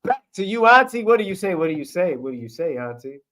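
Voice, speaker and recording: A man's voice: on the high side, sing-song, quick pace, a bit bright, slight background noise. A man co-hosting a sports stream, reading game stats with playful asides. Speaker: co-host. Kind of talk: sports recap.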